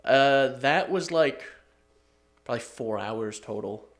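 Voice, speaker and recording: A man's voice: medium pitch, animated, slow. A man co-hosting a podcast, chatting in an easygoing, self-deprecating way and laughing often. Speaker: podcast co-host. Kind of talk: casual chat.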